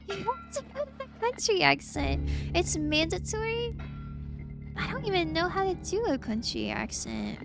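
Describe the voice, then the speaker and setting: A woman's voice: very high-pitched, measured pace, vocal fry, long pauses. A woman streaming a video game, chatting casually, reading on-screen text aloud and slipping into whispered asides. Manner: excitable, drops into whispered asides. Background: game music.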